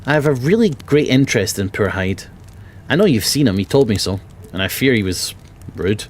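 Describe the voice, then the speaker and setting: A man reading a kindly, troubled male doctor in his own Edinburgh accent, speaking in a warm, pleading way. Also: medium pitch, lively intonation, normal speed, natural voice. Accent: Scottish, Edinburgh.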